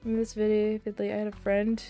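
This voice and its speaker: A woman's voice: mid-range voice, monotone, a little fast, warm tone, no room sound, faint music behind. A young woman streaming a video game, chatting casually and rambling, with sudden squeals at the game. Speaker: VTuber streamer. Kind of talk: casual gameplay chat.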